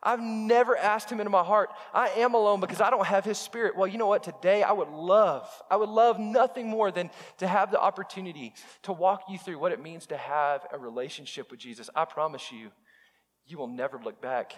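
A man's voice: sits high, brisk, few pauses, big-room sound. A male pastor preaching a passionate sermon to his congregation, speaking directly to them and repeating his key phrases. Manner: impassioned, repetitive, direct address to congregation. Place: church sanctuary.

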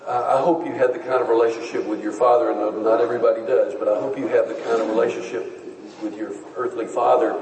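A man preaching a sermon, teaching in a measured and earnest way. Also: mid-range voice, darkish tone, a little hiss or hum. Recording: echoey hall, voice from far off.

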